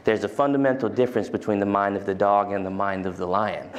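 A man's voice: lowish voice, fairly even intonation, fast. A man giving a casual, conversational university lecture in a large lecture hall, including a guided mindfulness exercise.

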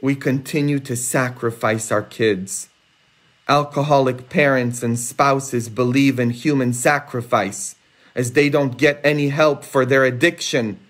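A man preaching a homily, earnest and emphatic, rising high and intense for rhetorical questions. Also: fairly even intonation, a little slow. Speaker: priest. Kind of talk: sermon. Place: church, livestreamed.

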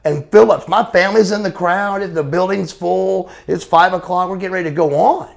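A former pro wrestler in his forties, being interviewed, tells profane, blunt stories casually and calls the listener brother. His voice is high and gravelly, and he talks fairly quickly.

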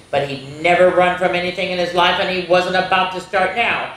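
A woman reading a spooky children's story aloud, expressive, with gasps and little asides to young listeners. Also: fairly low pitch, fairly quick, hardly any pauses. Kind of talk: reading a spooky picture book aloud to kids. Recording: roomy echo.

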